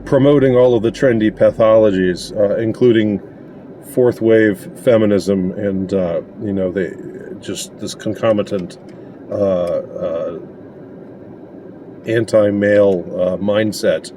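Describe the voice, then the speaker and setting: Halting, indignant man ranting to camera. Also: lowish voice, fairly even intonation, dark tone, a little hiss or hum. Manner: indignant and sarcastic, halting with many pauses. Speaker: commentator. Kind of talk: casual opinion monologue.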